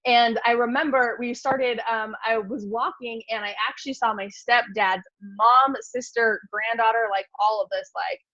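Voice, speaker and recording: A woman telling a story to a group in a casual, animated way, full of fillers like "like". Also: fairly high pitch, normal speed, hardly any pauses, no room sound. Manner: animated, filler-heavy, lots of "like". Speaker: speaker at a mindset meeting. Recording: dry, dull lo-fi sound.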